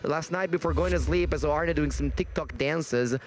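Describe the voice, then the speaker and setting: A man's voice: a little high, normal speed, a little hiss or hum. Chatty male tournament commentator. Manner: chatty, joking, with frequent fillers. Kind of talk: live esports-style commentary. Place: tournament venue.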